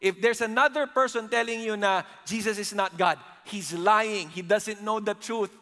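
A man preaching a sermon, mixing English and Tagalog, swinging from loud exclamations to hushed lines and acting out quotes. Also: high-pitched, moderate pace, in a large hall.

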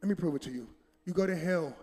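A man's voice: high voice, fast talker, long reverb tail, background noise. A man preaching a sermon as pastor, talking straight to his congregation in casual everyday phrasing and acting out quoted voices with rising emphasis. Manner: colloquial, addresses congregation directly. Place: church sanctuary.

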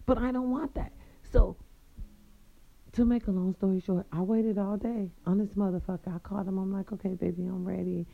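A woman telling viewers a personal story in a casual, animated, profane way. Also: mid-range voice, moderate pace, phone-quality sound.

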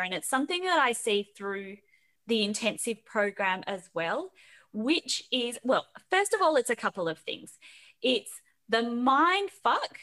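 A woman's voice: a little high, a bit bright. A woman hosting an interview podcast, blunt and swearing freely. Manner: blunt straight shooter who swears freely. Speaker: podcast host. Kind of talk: scripted intro then casual interview chat.

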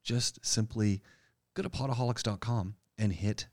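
A man hosting a podcast in casual chat, chatty and quick to laugh. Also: lowish voice, no echo, clean studio sound. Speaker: podcast host.

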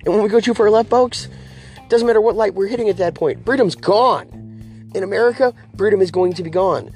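A man's voice: high-pitched, brisk, a little mellow, soft background music. A man hosting a political talk show, ranting to his viewers in a preachy way and calling them folks and guys.

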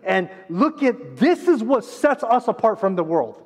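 A pastor preaching a sermon, swinging between loud urgent passages and hushed quiet ones. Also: male voice, high voice, very animated, unhurried. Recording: long reverb of a large hall.

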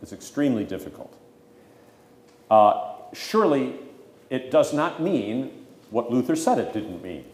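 Low-voiced man teaching in an echoing hall. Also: a little mellow. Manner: emphatic, stresses key words, folksy asides. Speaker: pastor teaching catechism. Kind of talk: catechism teaching to a congregation. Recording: echoey hall with long reverb.

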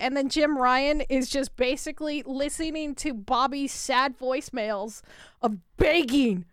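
A woman chatting casually about gaming news, mocking people with quick impressions and swearing freely. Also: high-pitched, no room sound, studio quality. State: hiccups.

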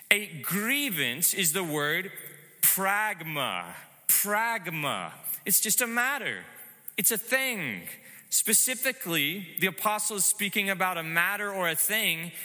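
A man preaching a sermon, measured and emphatic, asking rhetorical questions. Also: high voice, bright, forceful tone, in a large hall. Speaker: pastor.

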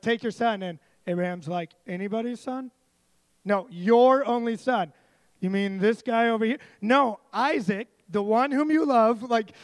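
A man's voice: sits high, no echo, low-quality recording. A man preaching a casual sermon, telling a Bible story and joking as he acts out the voices.

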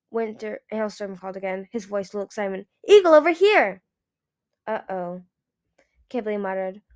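A woman's voice: medium pitch, darkish tone. A woman reading a fantasy novel aloud in plain narration, now and then correcting herself. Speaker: audiobook reader.

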